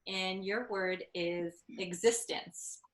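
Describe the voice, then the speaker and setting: A woman judging a spelling game show online, chatty and quick to laugh. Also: medium pitch, fairly even intonation. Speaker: judge and show creator. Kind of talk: casual game-show banter. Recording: roomy echo.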